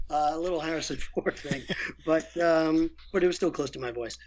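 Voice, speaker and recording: A man guesting as a voice actor, chatting casually and telling candid, animated stories about his work. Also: a little high, a little fast. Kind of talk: casual interview chat. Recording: lo-fi muffled audio.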